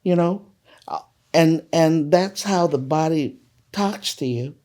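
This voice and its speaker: Older woman guest, mellow warm voice, earnest measured storyteller. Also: deep voice. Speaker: holistic health practitioner guest. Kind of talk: casual interview talk.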